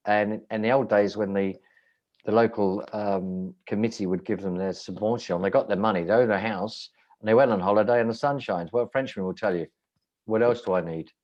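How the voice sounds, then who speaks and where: A man's voice: fairly low pitch, fairly even intonation, fairly quick, a little mellow, muffled recording. A man, a restaurant owner, telling wry rambling stories in casual chat, often breaking off and restarting. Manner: rambling, self-interrupting, wry.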